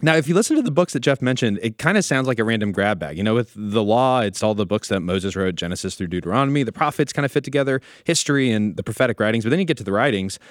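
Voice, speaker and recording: A man's voice: lowish voice, expressive, fast talker, hardly any pauses, no room sound, clean studio sound. A man co-hosting a Bible podcast, explaining with energy and a joking streak in a casual discussion. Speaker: podcast co-host teaching about the Bible.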